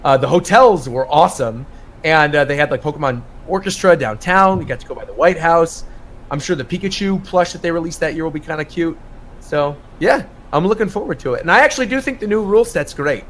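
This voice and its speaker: A man co-hosting a casual podcast, upbeat and teasing. His voice is high and bright with a lively, swinging pitch, and a faint hiss sits behind it. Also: brisk. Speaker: podcast co-host.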